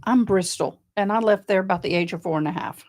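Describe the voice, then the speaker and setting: A woman's voice: medium pitch, rapid-fire. A middle-aged woman from Tennessee with a Southern accent, chatting casually with viewers on a livestream and reading out their comments. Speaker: livestream host.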